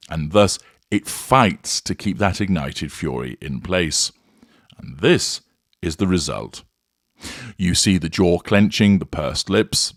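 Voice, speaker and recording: A man delivering a measured, deliberate scripted commentary as a host analysing a public figure. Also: low-pitched, no echo, clean studio sound.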